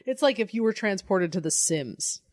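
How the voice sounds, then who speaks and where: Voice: medium pitch, lively intonation, normal speed. Laid-back, rambling podcast co-host. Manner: laid-back, rambling, profane plot recap. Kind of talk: casual chat.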